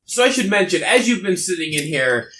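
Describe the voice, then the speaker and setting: A man narrating a tabletop game as game master, halting and full of fillers. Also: high voice, big pitch swings, a loud crowd.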